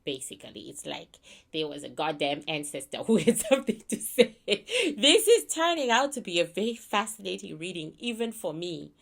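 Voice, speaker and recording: Bright, blunt woman doing a casual reading. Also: lowish voice, big pitch swings, moderate pace, vocal fry. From Canada. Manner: blunt, irreverent, laughing asides. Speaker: psychic reader. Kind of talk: casual spiritual reading monologue.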